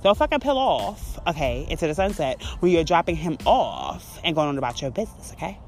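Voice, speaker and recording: Podcast host, woman, profane heated rant, low voice with big swings, faint music under. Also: brisk. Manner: profane, heated, animated storytelling. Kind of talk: ranting monologue.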